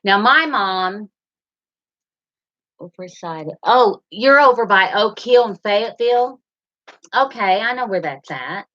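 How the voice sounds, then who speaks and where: A woman's voice: medium pitch, lively intonation, slow pace, pauses often, bright, forceful tone. A middle-aged woman, rambling as she chats with viewers and reads their comments in a live stream. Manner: chatty, rambling, addresses viewers by name. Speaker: livestream host. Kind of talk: casual live chat reading comments. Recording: slightly dull lo-fi sound.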